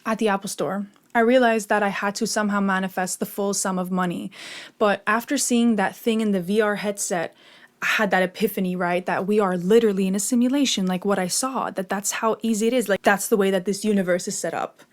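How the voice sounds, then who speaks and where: Young woman vlogging about manifesting, super casual, swears a lot, says like every other word, mid pitch. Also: fairly even intonation, brisk. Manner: chatty and profane, full of "like" and "you know". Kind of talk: casual storytelling to camera.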